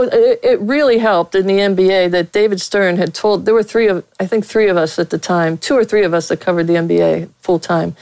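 Blunt, gravelly-voiced woman sportswriter. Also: lowish voice, darkish tone, dry recording, rough recording. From Pittsburgh. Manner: blunt, frank, laughs while telling stories. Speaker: veteran sportswriter. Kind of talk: interview guest, candid storytelling.

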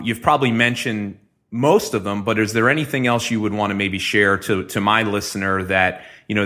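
A man hosting a casual podcast interview asks long, rambling questions full of restarts. His medium-pitched voice sounds pushed and bright.

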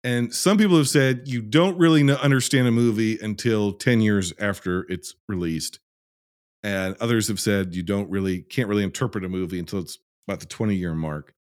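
A man's voice: lowish voice, normal speed, no echo, studio quality. A man hosting a film review podcast in casual chat, with a profane, ranting, sardonic way of talking. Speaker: podcast host reviewing films.

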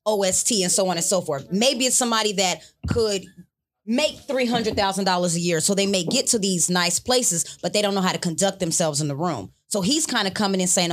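A woman's voice: medium pitch, fairly quick. Blunt, explaining woman podcaster. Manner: blunt, explanatory, builds her point with examples. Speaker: podcast co-host. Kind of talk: casual podcast chat.

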